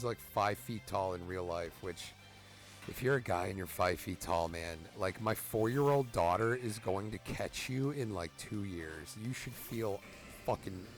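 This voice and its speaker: A man in his thirties doing let's play commentary as a gaming streamer, cursing freely and ranting at the game. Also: fairly low pitch. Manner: profane, ranting, trash-talks the game.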